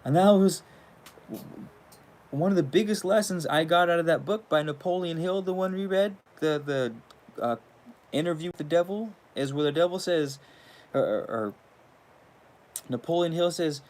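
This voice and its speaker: A male host talks in a loose, rambling monologue, swearing often and laughing between his points. His voice sits a little higher than the typical man's. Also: normal speed, long pauses, a little mellow. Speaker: channel host.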